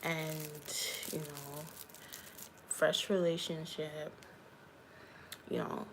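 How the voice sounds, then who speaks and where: A woman's voice: low voice, little pitch movement, extremely slow, background noise. A young woman, a YouTuber and hairstylist, chatting candidly on a livestream and talking straight to her viewers. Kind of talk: casual livestream chat.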